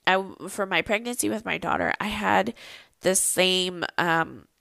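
A woman's voice: mid-range voice, a little slow, creaky, fairly bright tone, no echo. A young adult woman hosting a casual personal podcast, telling a story in a chatty, rambling way full of ums and likes. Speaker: podcast host.

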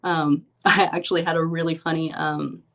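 Chatty young woman, slightly low voice. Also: little pitch movement, moderate pace, fairly bright tone. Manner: chatty, frank, many "like" fillers. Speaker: professional poker player, guest. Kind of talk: casual interview chat.

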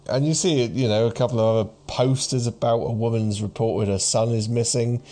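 A man's voice: lowish voice, steady tone, moderate pace, few pauses, dark tone. A man in his thirties narrating as game master for a tabletop game, rambling with many restarts. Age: 30s.

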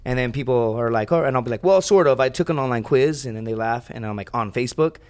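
Guest storyteller, man, rapid-fire, profane, mid pitch. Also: smooth. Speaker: guest, reality show contestant. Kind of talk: casual podcast chat.

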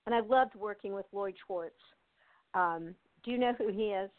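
A woman's voice: medium pitch, normal speed, no room sound. An older woman from the United States, chatting as an interview guest over a tinny phone line. She talks in easy, winding sentences full of fillers and laughter. The sound is dry and close. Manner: chatty, laughs often, many fillers and restarts. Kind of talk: casual interview chat.

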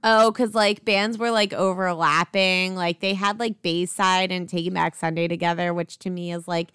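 A woman's voice: on the low side, little pitch movement, moderate pace, fairly bright tone, smooth, no room sound, studio quality. A woman in her thirties co-hosting a casual podcast, talking in a loose, chatty way full of "like" and the odd swear. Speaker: podcast co-host. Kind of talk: casual chat.

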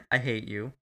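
A man's voice: medium pitch, bright, forceful tone. A man co-hosting a casual, crude film recap chat, profane and laughing often. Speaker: podcast co-host.

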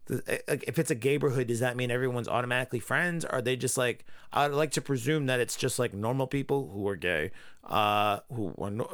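Swearing podcast dude rambling on, mid voice, dead dry mic. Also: male voice, mid-range voice, brisk, a bit bright, no echo. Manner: rambling, profane, teasing. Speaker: podcast co-host. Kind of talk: casual chat. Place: home in Rhode Island.

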